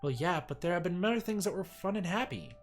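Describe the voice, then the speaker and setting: A man's voice: high-pitched, lively intonation, fast, pitched above the performer's own voice. Man voicing a young woman, nineteen, frank, teasing, slightly raised voice, faint music behind. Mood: earnest.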